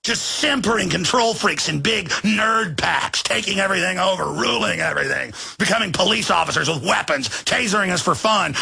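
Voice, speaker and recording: Older male host, fiery shouted monologue; bright, raspy, husky tone, preachy and relentless. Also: sits high, animated. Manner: shouting, furious and preachy, rapid lists. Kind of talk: ranting monologue.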